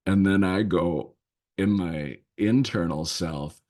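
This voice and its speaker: A man hosting a leadership podcast, telling a personal story in a thoughtful, unhurried way with lingering pauses. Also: low voice, darkish tone. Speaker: leadership coach and podcast host.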